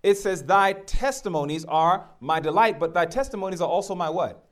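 A man's voice: high voice, moderate pace. A middle-aged man preaching a sermon, emphatic and direct, throwing rhetorical questions at his congregation.

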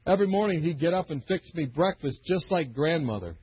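A middle-aged male preacher tells stories in a husky voice and acts out every character. His pitch sits a little high and swings widely. The recording is dry and dull. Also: animated, brisk, dry recording. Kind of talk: storytelling sermon.

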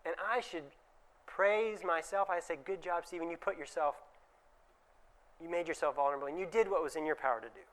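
A man speaks to a room of dentists in a relaxed, conversational way, slipping into quick impressions of parents and patients. His voice sits a little higher than most men's and sounds smooth and resonant. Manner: conversational, acts out little dialogues with changed voices. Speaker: dentist giving a presentation. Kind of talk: conference talk to dentists.

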